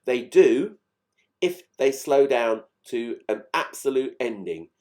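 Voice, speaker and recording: A man's voice: mid-range voice, lively intonation, unhurried, darkish tone. A man chatting through fine recording details of old songs in a casual, enthused, explanatory way. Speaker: music channel host.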